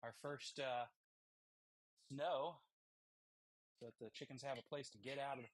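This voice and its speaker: A man's voice: medium pitch, fairly even intonation, no room sound, poor audio. Chatty man thinking aloud while forging. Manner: rambling, thinking aloud between tasks, halting with fillers. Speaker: blacksmith livestream host. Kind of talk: casual chat while forging. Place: smithy workshop. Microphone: wireless transmitter mic.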